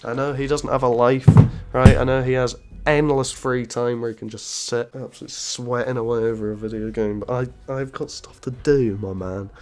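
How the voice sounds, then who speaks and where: A man's voice: mid-range voice, fairly even intonation, normal speed, hardly any pauses, darkish tone. A man commentating over an online game, sarcastic and mocking, calling people "mate". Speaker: gaming YouTuber. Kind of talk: gameplay commentary and trash talk.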